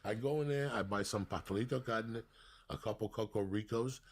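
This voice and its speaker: A man's voice: lowish voice, a little fast, slightly rough. A man in his sixties, a podcast guest telling long, profane, rambling stories in a casual way. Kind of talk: casual storytelling.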